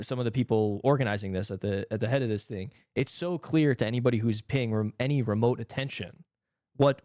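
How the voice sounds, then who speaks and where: A young man co-hosting in deadpan, sarcastic casual talk. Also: medium pitch, dry recording, studio quality. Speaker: co-host. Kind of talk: casual commentary.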